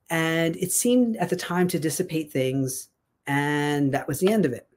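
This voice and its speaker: Woman, casual storytelling, chatty, animated, lots of restarts. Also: sits low, unhurried. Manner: chatty, animated retelling with many fillers and restarts. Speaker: guest sharing a success story.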